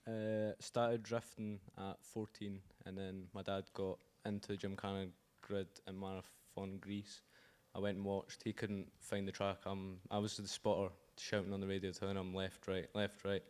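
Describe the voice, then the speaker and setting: A man's voice: sits low, monotone, moderate pace, hardly any pauses, clear, resonant tone. A sixteen-year-old male driver from Scotland giving shy, short answers. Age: teens. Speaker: racing driver.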